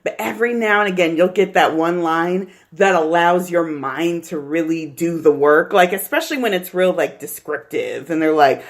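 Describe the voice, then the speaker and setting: A woman co-hosting a podcast in casual chat, animated and laughing often as she acts out quotes. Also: lowish voice, moderate pace, few pauses. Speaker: podcast co-host.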